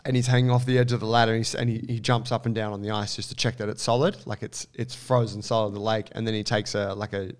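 Guy, casual co-host, rambly storyteller, clear smooth tone. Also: on the low side, quick pace, few pauses. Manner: rambling, animated, many fillers and restarts.

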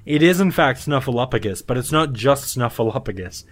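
A man's voice: animated, normal speed. A man co-hosting a podcast, teasing his friends in casual chat. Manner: teasing, swings his pitch a lot. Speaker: podcast co-host.

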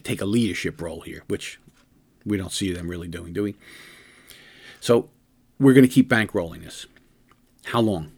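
Impassioned middle-aged man. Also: on the low side. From United States. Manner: impassioned, rhetorical questions, frequent restarts. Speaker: political commentator. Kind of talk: opinion monologue.

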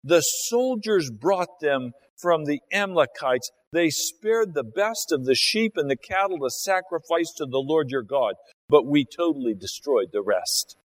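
A man's voice: a little high, lively intonation, measured pace. A man voicing a defensive king who makes excuses in a raised, cocky tone. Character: defensive, evasive male king making excuses.

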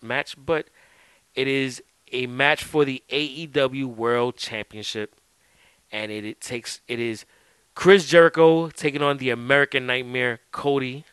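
Casual male podcast host; bright, smooth, dry close-mic sound, easygoing and profane. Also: medium pitch, a little slow, no room sound, low-quality recording. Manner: laid-back, swears freely, lots of "like" and "dude". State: drinking while talking. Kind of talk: casual chat.

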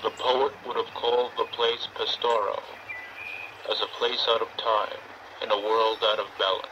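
A man reading a solemn, ominous voiceover narration for a low-budget horror film. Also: little pitch movement, normal speed, dull audio, lightly acted. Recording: noisy old film audio.

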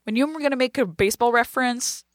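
Young female comedian from Lebanon, animated storyteller, dry close-miked read. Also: a little high, quick pace, no echo. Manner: animated storytelling, acts out quoted voices. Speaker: comedian guest. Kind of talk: casual chat.

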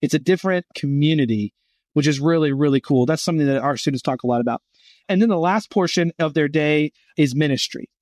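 Recorded dry and close, with no echo, a middle-aged podcast guest from a Christian gap year college speaks briskly, his voice slightly high for a man. His storytelling is energetic, and he acts out the voices of everyone involved.

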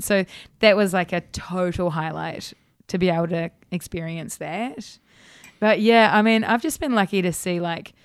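NZ woman, 30s, singer guest; bubbly storyteller, lots of fillers, smooth tone, close dry mic. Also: medium pitch, no echo. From New Zealand. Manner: chatty and animated, laughs often, many fillers. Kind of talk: casual interview chat.

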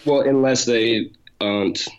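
A man's voice: medium pitch, measured pace, smooth, highs cut off. A man with a mixed English and American accent that people take for Australian, chatting as a podcast guest in a rambling, self-mocking way. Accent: mixed English-American, often taken for Australian. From England and America. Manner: rambling, self-mocking, laughs while talking. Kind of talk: casual podcast chat.

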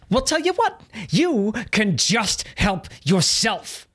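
A man's voice: high-pitched, huge pitch swings, measured pace, a bit bright. A man hosting a comedy podcast, ranting in an exasperated way and acting out mock quotes, then chatting casually with his co-host. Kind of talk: comedic rant and casual chat.

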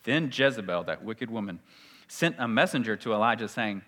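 Forceful preacher with a hall echo. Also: male voice, lowish voice, moderate pace. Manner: animated preaching, reads scripture aloud and acts out the people in it. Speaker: pastor. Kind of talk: sermon. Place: church sanctuary. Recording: long reverb of a large hall.

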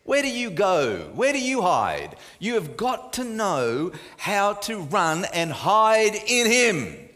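Guy preaching in a big reverby church hall, fairly high voice, goes loud then drops to a soft hush. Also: wildly swooping pitch, slow, hardly any pauses. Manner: swings from loud emphatic preaching to soft hushed near-whispers. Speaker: pastor. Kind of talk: sermon.

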